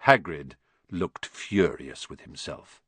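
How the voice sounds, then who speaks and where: A man narrating an audiobook with expressive storytelling. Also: rumbling low, slow pace, breathy edge. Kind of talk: scripted narration.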